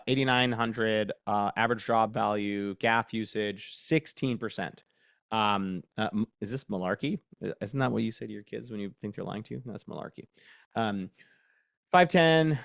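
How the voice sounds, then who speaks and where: A man presenting a casual live workshop demo. He thinks aloud, gets excitable and laughs often. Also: on the low side, creaky, no room sound, clean studio sound.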